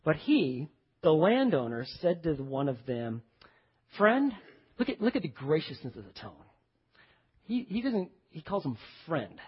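A man preaching a sermon, telling a parable with animated storytelling and acting out the characters' voices. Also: on the high side, moderate pace, breathy edge. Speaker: pastor. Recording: dull echoey hall.

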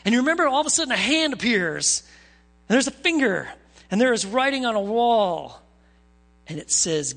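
Husky, high-voiced male pastor preaching. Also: brisk. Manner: animated storytelling, conversational asides to the congregation. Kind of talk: sermon.

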